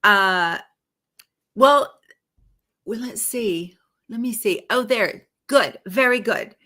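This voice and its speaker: A woman's voice: mid-range voice, slow, bright, forceful tone. A woman hosting a live sewing stream, chatting casually and reading viewer comments aloud. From Texas. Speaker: host of a live sewing show.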